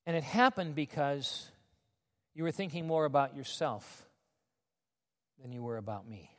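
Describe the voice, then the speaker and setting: A man preaching a sermon in a conversational, animated storytelling manner. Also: medium pitch, measured pace. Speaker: pastor. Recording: long reverb of a large hall.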